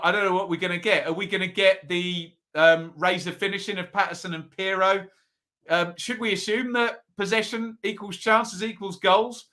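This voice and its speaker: A man's voice: high-pitched, pushed and bright. A man hosting a live football predictions stream, chatting casually and reading out viewer comments. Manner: chatty, reads out viewer comments, quick asides. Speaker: football predictions show host.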